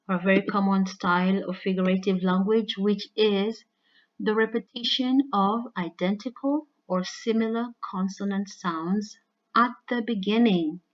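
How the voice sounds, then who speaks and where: A woman with a mid-range voice, an English teacher, explains figurative language in a recorded lesson. Her delivery is loose and conversational, sprinkled with "all right" and "you know," and the audio sounds dull.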